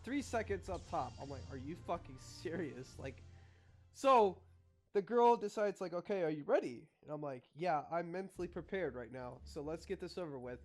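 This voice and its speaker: A man's voice: fairly high pitch, expressive, normal speed, darkish tone, faint music behind. A young man telling a story in a casual, rambling way, swearing freely and acting out both sides of each exchange. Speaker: vlogger.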